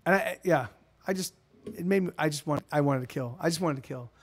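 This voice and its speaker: A man's voice: fairly high pitch, brisk, slight background noise. A man hosting a casual live stream, telling rambling, profane stories with lots of restarts.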